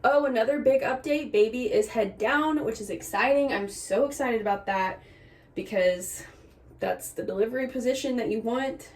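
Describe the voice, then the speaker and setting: A woman's voice: fairly high pitch, moderate pace. A young woman giving a candid, chatty pregnancy update to a camera on a tripod at home, laughing through her complaints and a little short of breath. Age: young adult. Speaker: vlogger. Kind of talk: casual pregnancy update vlog. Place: indoors at home.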